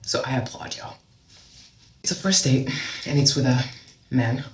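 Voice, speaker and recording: A man casually telling a dating story time, animated, often raising his voice to mimic other people. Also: medium pitch, measured pace, echoey room, slight background noise.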